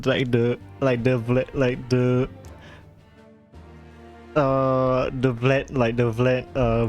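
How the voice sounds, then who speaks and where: A man streaming a game who gives excitable, casual commentary, swearing and trailing off. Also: mid-range voice.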